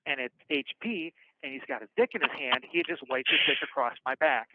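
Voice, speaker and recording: A man frankly telling stories from his past over a phone call, animated and acting out the voices of the people in them. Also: medium pitch, brisk. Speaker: guest storyteller. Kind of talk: casual storytelling on a call. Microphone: prison phone. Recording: tinny phone line.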